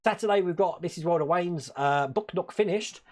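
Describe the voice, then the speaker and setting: A man's voice: high voice, a little fast. A man from Wales hosting a casual live stream from his hobby room, rambling, chuckling often and answering chat.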